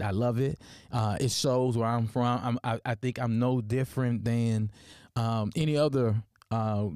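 A man from Memphis with a Deep South accent, hosting a personal podcast and telling stories with many fillers and restarts. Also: a little mellow, no room sound, studio quality. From Memphis, Tennessee. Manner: storytelling, many fillers and restarts, asks "right?". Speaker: podcast host.

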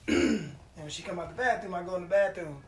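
Animated, profane man with a high voice. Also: normal speed. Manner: profane, animated storytelling with acted-out quotes. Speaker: podcast host. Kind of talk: casual storytelling chat.

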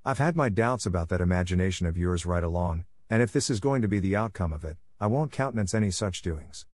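A man's voice: low-pitched, expressive, fast, a little mellow, no room sound. A man doing a curt stern old spinster. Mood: firm. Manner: curt, dry, scolding. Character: stern practical older spinster.

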